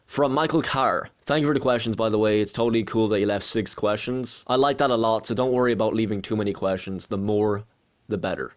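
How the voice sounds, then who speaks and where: A man's voice: lowish voice, fairly even intonation, fairly quick. A young Irish man in his twenties, hosting a casual question-and-answer vlog in a chatty, joking, self-deprecating way. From Ireland. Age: 20s. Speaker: wrestling channel host.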